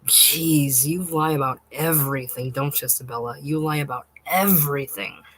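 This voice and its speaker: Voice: mid-range voice, normal speed, fairly bright tone, slight background noise, natural voice. A reader voicing a pushy, nosy schoolboy who talks in an insistent, wheedling way, in a short-story reading. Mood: scornful.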